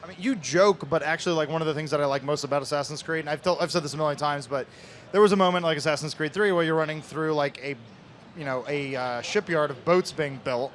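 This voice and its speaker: A man's voice: a little high, fast. A man co-hosting a live convention stream, talking with rambling enthusiasm. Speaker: co-host. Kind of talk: casual live event chat.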